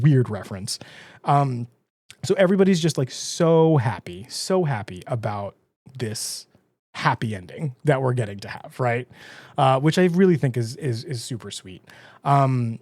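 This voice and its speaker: A man hosting a podcast, casually recapping an episode, chatty and quick to laugh, slipping into brief character voices. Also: medium pitch, animated, a little mellow, no room sound. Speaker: podcast host.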